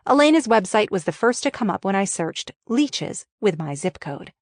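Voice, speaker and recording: A woman's voice: mid-range voice, very animated, normal speed, no room sound. A woman reading her memoir as an audiobook, frank and wryly candid in delivery. Her voice sits in a middle register, recorded close on a studio mic in a dry, dead booth.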